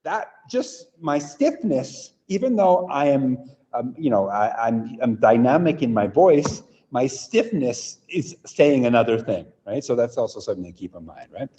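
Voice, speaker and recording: A man running a live online workshop for teachers, energetic and demonstrative, often checking in with "right?". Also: medium pitch, moderate pace, few pauses, big-room sound. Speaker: teacher trainer.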